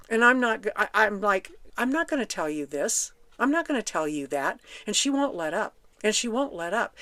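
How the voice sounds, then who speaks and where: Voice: medium pitch, a bit bright, no room sound. Emphatic podcast host telling a testimony. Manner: emphatic, repeats points for stress. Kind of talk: personal testimony storytelling.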